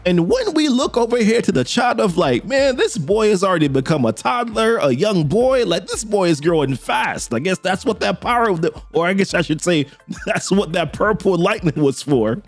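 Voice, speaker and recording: A man's voice: sits high, big pitch swings, moderate pace, no room sound, soft background music. A man hosting a comic book channel, recapping a story in an enthusiastic, conversational way with frequent asides.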